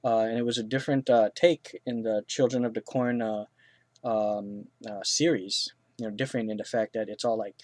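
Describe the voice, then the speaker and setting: A man's voice: mid-range voice, a little mellow, no echo. A man reviewing films in casual, rambling speech, full of fillers, restarts and blunt crude remarks. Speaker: film reviewer. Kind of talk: casual spoken film review.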